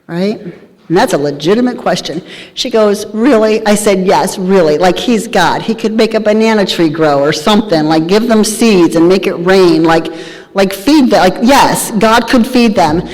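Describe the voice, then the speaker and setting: A woman's voice: medium pitch, normal speed. Woman telling her story in a hall. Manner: candid, humorous, animated storytelling. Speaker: speaker sharing recovery story. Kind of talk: storytelling talk at a recovery meeting. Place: large hall at a live event. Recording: reverberant hall.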